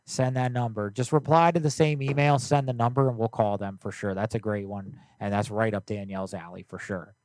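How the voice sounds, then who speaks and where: A young man hosting a prank call show, joking loudly and rambling in casual chat. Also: on the low side, fairly even intonation, fairly quick, hardly any pauses, no room sound.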